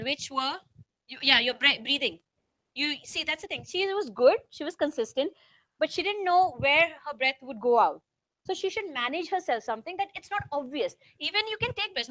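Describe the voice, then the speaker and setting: High-pitched Indian woman coaching a class. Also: bright, forceful tone, no echo, studio quality. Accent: Indian English. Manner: instructive, coaxing students to try. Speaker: exam coaching teacher. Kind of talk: classroom coaching mixing English and Hindi.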